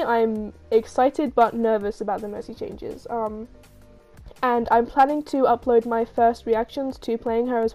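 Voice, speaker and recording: Female gaming creator, breathy from a cold, mellow and fairly high, chatty Q&A voice-over with faint music under it. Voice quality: scratchy throat. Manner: chatty, lots of ums and restarts. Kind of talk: casual Q&A voice-over.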